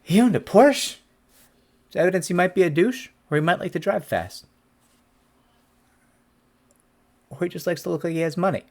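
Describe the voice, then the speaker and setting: A man's voice: sits high, lively intonation, fast, darkish tone, voice pushed up. A man voicing a juror who gasps and then dismisses a piece of evidence with sarcasm, in a raised voice. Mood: scoffing. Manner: gasping, scoffing, sarcastic. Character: shocked juror, scoffing and dismissive.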